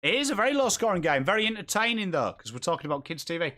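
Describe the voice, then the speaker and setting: A man's voice: sits high, big pitch swings, racing, pushed and bright. A man with an English accent hosting a live football watchalong, chatting casually with viewers and calling the play. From England. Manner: chatty, reads and answers viewer comments while calling the play. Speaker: host of a live footy watchalong. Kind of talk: casual live-stream chat with commentary.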